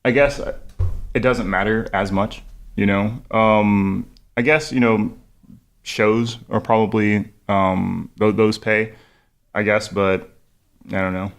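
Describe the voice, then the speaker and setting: A man's voice: fairly low pitch, fairly even intonation, slow pace, vocal fry. A young man, a musician guest on a college radio show, talking in a rambling way full of "like" fillers, with a cough drop in his mouth, close on a studio microphone. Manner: rambling, heavy "like" fillers, laughs often. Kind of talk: casual radio interview.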